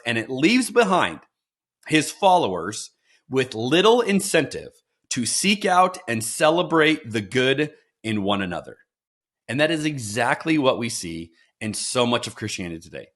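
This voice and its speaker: Podcast co-host, middle-aged man, earnest and lively, pitch swinging widely. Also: moderate pace. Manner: earnest, animated, quotes and mimics voices. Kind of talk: conversational theology podcast.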